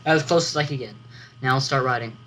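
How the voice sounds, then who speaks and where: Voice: mid-range voice, quick pace. A vlogger chatting casually as they write, thinking aloud and correcting themselves, over a computer fan's hum. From United States. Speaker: writing vlogger. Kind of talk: casual rambling vlog commentary. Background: loud computer fan hum.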